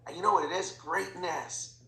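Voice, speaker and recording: A man talking as a guest in an interview, telling stories in an animated way and acting out the dialogue. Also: sits high, normal speed, reverberant, low-quality recording. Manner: animated, acts out quoted dialogue. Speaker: podcast guest, financial educator. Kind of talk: energetic storytelling interview.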